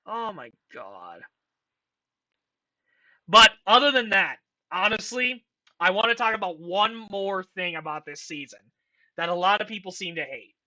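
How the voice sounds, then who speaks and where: Exasperated profane ranting man, bright voice. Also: high voice, very animated, a little slow, long pauses. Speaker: vlogger ranking a film franchise. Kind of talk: casual ranting commentary.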